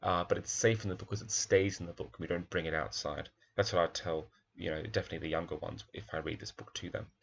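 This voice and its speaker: A man's voice: sits low, steady tone, fast talker, gravelly, few pauses, fairly bright tone, muffled recording, slight background noise. A man, a primary school teacher, talks thoughtfully through a picture book, admiring its pages and asking questions aloud.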